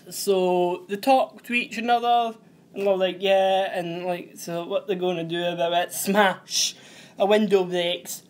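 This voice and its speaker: A young man, casually recapping a TV episode, rambling and often correcting himself. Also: high-pitched. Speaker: host.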